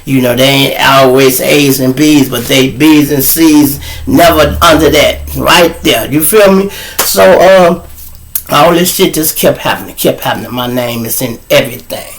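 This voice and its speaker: A middle-aged man, hosting his show and telling a profane, animated story straight to his audience. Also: medium pitch, a little slow. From Chicago. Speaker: show host. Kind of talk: storytelling monologue.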